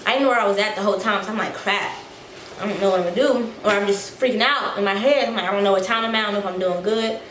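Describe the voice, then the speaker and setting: A young woman telling a casual story to her vlog viewers, animated and a little out of breath, acting out the quotes. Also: medium pitch, very fast. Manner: animated, acts out quotes, swears freely. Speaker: vlogger. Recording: echoey room, faint noise.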